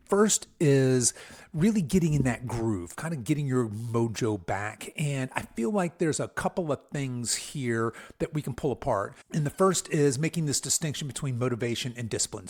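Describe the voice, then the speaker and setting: An energetic man in his sixties hosts a fitness podcast on his own. He talks in an upbeat, enthusiastic way, cheering on his listeners. His voice sits in a middle pitch. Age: 60s. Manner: upbeat, enthusiastic, hype-man shout-outs. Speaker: podcast host and fitness coach.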